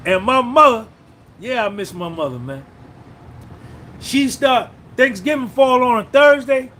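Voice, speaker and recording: A man hosts a loose livestream chat, rambling and cursing freely as he reminisces and answers viewers by name. His voice sits high for a man, and a faint hiss runs underneath. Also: expressive, unhurried, fairly bright tone. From New Jersey. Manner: rambling, profane, reminiscing, reading out chat names. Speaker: podcast host.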